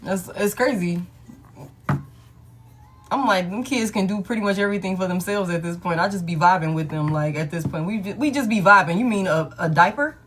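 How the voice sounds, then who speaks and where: A woman's voice: fairly low pitch, brisk, a bit bright, slight background noise. A woman in her thirties hosting a live tarot stream. She talks casually and profanely, speaks straight to her viewers and laughs often.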